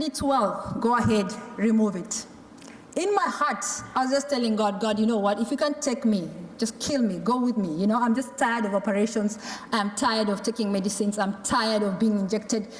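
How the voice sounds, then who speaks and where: A woman from a Maasai community giving a personal testimony as a tuberculosis survivor, telling her story and acting out what the doctors and her mother said. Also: mid-range voice. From Kenya or Tanzania, Maasai community. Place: large conference hall. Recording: echoey large conference hall.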